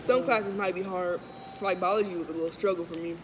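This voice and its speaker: A woman's voice: on the low side, fairly even intonation, quick pace, background noise. A teenage girl giving rambling advice in casual chat with friends. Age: teens.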